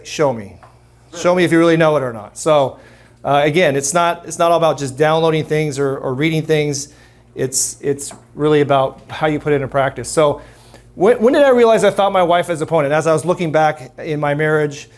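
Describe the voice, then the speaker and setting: Chatty middle-aged man, slightly high voice. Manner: conversational, self-deprecating, many restarts and fillers; asks the audience questions. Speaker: speaker at a men's ministry talk. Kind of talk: casual talk to a live audience.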